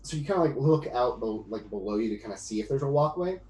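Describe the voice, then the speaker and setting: A man's voice: medium pitch, animated, fast talker, a little mellow, echoey room, low-quality recording. A man narrating as game master of a tabletop game, in a loose, rambling way full of fillers.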